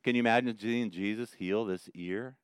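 A pastor preaching an expository sermon, retelling scripture with dramatic, animated emphasis. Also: male voice, lowish voice, normal speed, clean tone, no room sound, studio quality.

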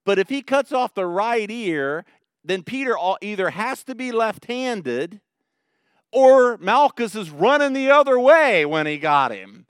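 Male pastor, sermon delivery, smooth clear voice, dry close sound, animated retelling. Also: high voice, unhurried, no room sound. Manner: animated, dramatic retelling with rising emphasis. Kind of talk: expository sermon.

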